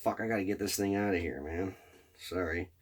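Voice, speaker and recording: A man's voice: sits low, brisk, husky. A man vlogging, telling a rambling, profanity-laced story in a casual, enthusiastic way. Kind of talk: casual storytelling about a fan convention.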